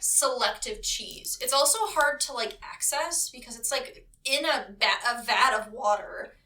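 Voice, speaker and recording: A woman's voice: on the high side, a little slow, sharp tone, recorded from a distance, rough recording. A young woman co-hosting a podcast, chatting casually with lots of fillers and easy laughter. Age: young adult. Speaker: podcast co-host. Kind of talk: casual chat.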